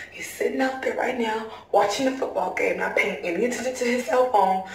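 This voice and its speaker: An angry woman with a high voice talks to her viewers in casual, cursing slang, then turns on her partner. She sounds distant from the mic in a roomy, echoing space with faint noise. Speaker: vlogger. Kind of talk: talking to camera, then confronting.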